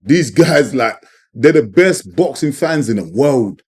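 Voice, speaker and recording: A man's voice: medium pitch, expressive, a little slow, a little mellow, slightly rough. A man giving emphatic, opinionated boxing commentary on his channel, often repeating his points and tagging lines with "man" and "you know what I mean". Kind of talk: opinionated sports commentary vlog.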